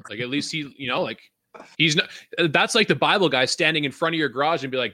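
A man's voice: a little high, fast, sharp tone, no echo, studio quality. A young man from Vancouver hosting a podcast, ranting in a casual, profane, rambling way and laughing often. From Vancouver, Canada. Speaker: podcast host.

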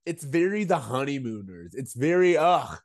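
A man co-hosting a casual podcast, recapping a TV episode and acting out quotes with lively energy. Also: medium pitch, moderate pace. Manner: animated, acts out quotes. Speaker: podcast co-host.

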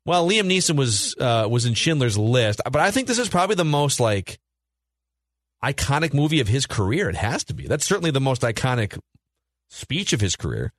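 A man's voice: medium pitch, big pitch swings, normal speed, dry recording, studio quality. A man hosting a casual movie podcast, leading the talk and quizzing his co-hosts. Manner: leads the talk, reads notes, quizzes co-hosts. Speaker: podcast host.

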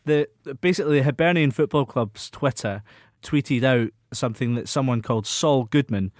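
Male podcast host, mid-pitched, chatty, dry close mic. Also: normal speed, darkish tone, no room sound. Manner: chatty, reads listener questions aloud. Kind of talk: casual football podcast chat.

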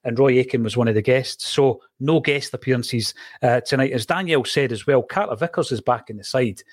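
A man's voice: medium pitch, brisk, no room sound, studio quality. Man hosting football chat. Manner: chatty, tells anecdotes. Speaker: podcast host.

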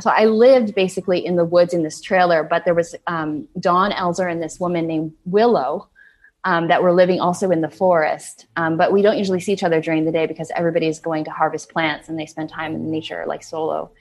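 A young woman telling a personal story in an earnest way, with many "like" fillers, acting out her own past words. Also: fairly low pitch.

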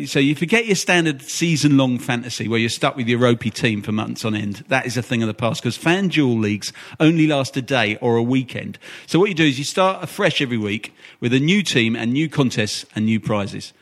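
An Englishman hosting a casual football podcast, talking at a brisk clip and cracking jokes between points. His voice sits in an ordinary middle register. He slips into eager ad-read mode without slowing down. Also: mid-range voice, animated. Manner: quick, jokey, reads ad copy with enthusiasm. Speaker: podcast host.

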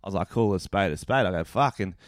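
A young man, a comedian co-hosting a podcast, telling stories in a lively, swearing way with bursts of laughter. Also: low voice, fast, dry recording, clean studio sound. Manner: swearing, animated storytelling with laughs. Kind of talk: casual chat.

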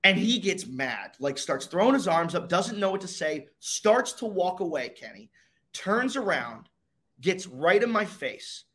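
Animated young man telling a story. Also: high-pitched, measured pace. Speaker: guest, racing driver. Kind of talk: storytelling in a casual interview.

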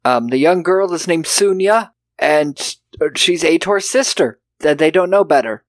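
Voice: medium pitch, animated, measured pace, dry recording. A podcast co-host reviewing a film in casual chat, laughing often and acting out quotes in silly voices.

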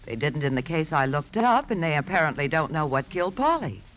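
An actress playing a sharp, inquisitive woman who writes for pulp magazines, talking in an insistent, probing way. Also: low voice, very animated, fairly quick, slight background noise, rough recording.

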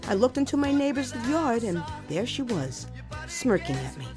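A woman's voice: on the high side, moderate pace. Woman telling her own story, wry and dramatic, voice jumps all over, bit of music underneath. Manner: expressive, wry, dramatic emphasis. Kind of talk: first-person storytelling.

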